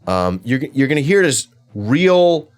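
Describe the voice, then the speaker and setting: A man's voice: medium pitch, sing-song, measured pace. A man hosting an interview show, talking in a casual, chatty way and often repeating words as he restarts.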